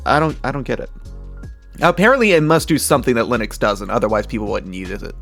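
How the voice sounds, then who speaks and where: A young man giving casual, chatty commentary as he reacts to memes, with frequent laughs and animated asides. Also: medium pitch, fast, soft background music.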